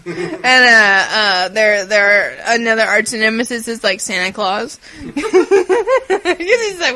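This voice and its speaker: High, laughing woman co-host. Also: expressive, sharp tone. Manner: laughing, unhurried, piling onto jokes. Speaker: podcast co-host. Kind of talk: casual comedic chat.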